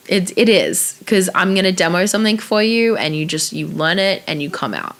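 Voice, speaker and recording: Speaking briskly with hardly any pauses, this young woman, an actress from Australia, tells lively interview stories full of acted-out quotes and laughter. Her pitch is medium.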